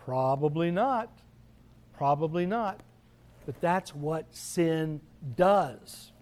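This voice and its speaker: A priest delivers a sermon in an easy, talking manner and slows down when he quotes scripture. His voice sits high for a man and has a soft, mellow tone.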